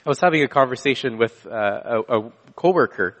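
A man preaches in a relaxed, chatty way, catching himself and restarting his sentences as he goes. His voice sits at an ordinary middle pitch. The sound rings with the long reverb of a large hall. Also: brisk. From Canada. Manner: casual storytelling with frequent restarts and self-corrections. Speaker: pastor. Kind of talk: conversational sermon with a personal story.

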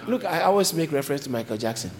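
A man preaching a sermon as a pastor, switching between low explanations and sudden high emphatic lines. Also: rapid-fire, a little hiss or hum. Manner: animated preaching, jumping to high emphatic pitch.

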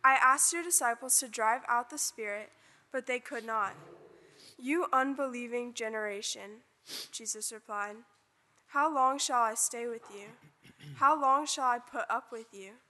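A woman's voice: fairly high pitch, unhurried, bright, forceful tone. A woman reading a Bible passage aloud in church, lifting her voice for the quoted speech. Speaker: scripture reader. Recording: church hall reverb.

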